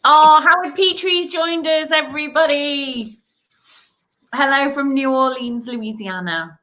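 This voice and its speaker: A woman's voice: sits high, measured pace, sharp tone. A woman co-hosting a casual livestream, rambling and enthusiastic with many "you know"s. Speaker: co-host of online festival livestream. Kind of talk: casual chat.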